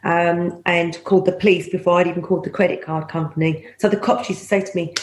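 A middle-aged woman, a former police officer telling stories in an interview. She talks in a lively way, laughs often and acts out the voices of people she quotes. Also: lowish voice, fast talker, hardly any pauses. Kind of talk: anecdotal storytelling. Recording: roomy echo.

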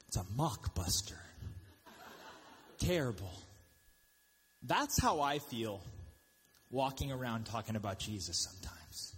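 A man preaching a sermon in an animated, joking way, with quick asides and mocking voices for the people he quotes. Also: mid-range voice, slightly rough, long reverb tail. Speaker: pastor.

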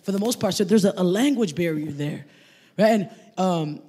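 A man's voice: high voice, normal speed, slightly rough. A man in his thirties preaching a sermon to a congregation in a casual, conversational way. He keeps tagging "right?" onto his points and gets the crowd to repeat phrases back to him. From Samoan family background. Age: 30s. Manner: animated storyteller, asks the crowd to repeat phrases. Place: church service in front of a congregation.

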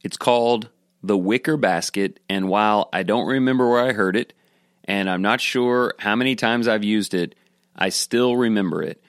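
Low-voiced man teaching a devotional. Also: moderate pace, dry recording, studio quality. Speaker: Bible teacher. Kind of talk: devotional sermon talk.

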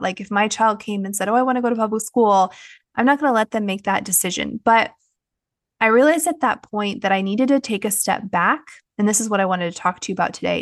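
In candid personal podcast talk, a woman with a mid-range voice shares a story of her own, chatty and frank and heavy on fillers. The sound is clean studio quality and dry.

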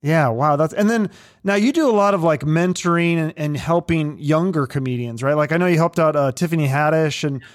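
A man's voice: fairly high pitch, fairly quick. A male podcast host chatting casually and asking short, easygoing questions. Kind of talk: casual interview.

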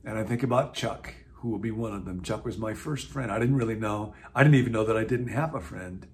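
A man in his sixties from the US Midwest, a pastor talking reflectively to camera in a video series with a conversational, musing manner and gentle asides. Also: fairly low pitch, a little fast. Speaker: pastor and teacher.

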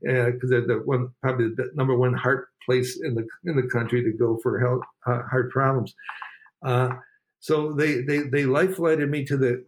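A man, a motivational speaker, telling a personal story in an interview with an earnest, emphatic delivery that repeats phrases. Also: medium pitch.

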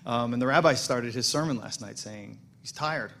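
A man's voice: medium pitch, normal speed, gravelly, sharp tone. A middle-aged man, the president of a congregation, giving a casual, storytelling welcome speech with self-deprecating humor.

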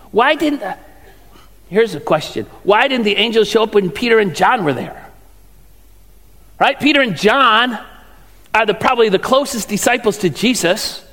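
A male pastor with a high, slightly bright voice gives a sermon in a reverberant hall. He preaches conversationally, leaning on rhetorical questions.

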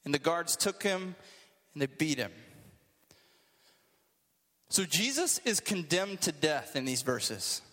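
Male preacher, casual sermon, high bright voice, joking asides. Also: animated, slow, long pauses, long reverb tail. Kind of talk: casual sermon to a youth group.

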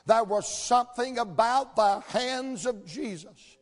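Preacher guy, high voice, folksy storytelling that builds to shouting, big church echo. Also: normal speed. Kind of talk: sermon. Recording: long hall reverb.

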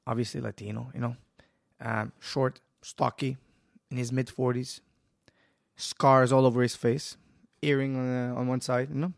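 Gravelly man, animated storyteller in a casual interview, dry sound. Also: mid-range voice, normal speed, no echo. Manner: animated, acts out quotes, swears. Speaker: guest, jiu-jitsu school owner.

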